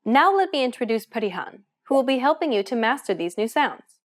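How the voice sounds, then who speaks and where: A woman's voice: a little high, big pitch swings, a little fast. A woman hosting a language lesson, giving scripted, encouraging explanations in an upbeat way.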